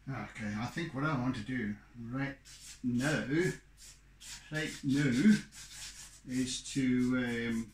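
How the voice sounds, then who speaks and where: Slow, musing man in a roomy room. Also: mid-range voice, fairly even intonation, slight background noise. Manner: musing, halting, with many fillers. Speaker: art teacher. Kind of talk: thinking aloud while drawing.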